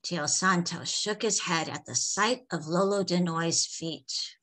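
A woman author reading her folktale aloud in a measured, expressive way. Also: on the low side. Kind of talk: storytelling read-aloud.

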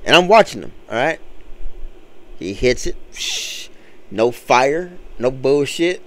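A man's voice: mid-range voice, big pitch swings, slow. A man telling a story to his viewers in a casual, slangy street manner, acting out what other people said. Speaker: channel host.

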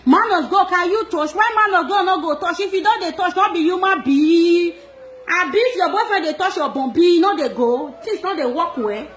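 A woman with a Nigerian Pidgin accent talking through gossip in an animated, scolding way with frequent laughs. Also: very high-pitched, normal speed, a little hiss or hum. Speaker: gossip vlogger. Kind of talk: casual gossip monologue.

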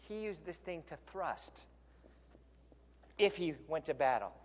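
A male pastor preaching a sermon in a lively, conversational storytelling way, in a church sanctuary. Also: on the high side, a little slow. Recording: long church hall reverb.

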